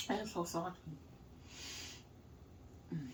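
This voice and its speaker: A middle-aged woman casually telling a story, animated, laughing and swearing as she goes. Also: fairly low pitch, a little slow, far from the mic, heavy background noise.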